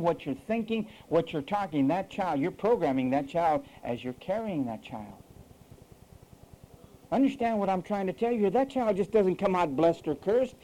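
A man's voice: a little high, dark tone, rough recording. A male preacher delivering an emphatic sermon full of rhetorical questions.

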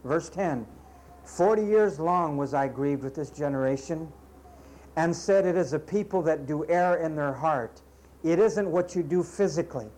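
A man preaching with a high-pitched voice. He scolds his listeners emphatically, repeating himself for effect, and slips into sarcastic asides. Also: unhurried, a little mellow, poor audio. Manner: sarcastic asides and mocking impressions. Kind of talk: sermon.

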